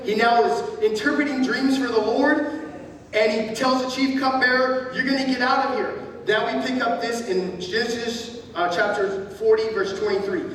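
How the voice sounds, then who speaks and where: High-voiced pastor in an echoey hall. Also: male voice, distant mic, a little hiss or hum. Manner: animated storytelling with jokes and asides. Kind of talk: sermon. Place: church hall.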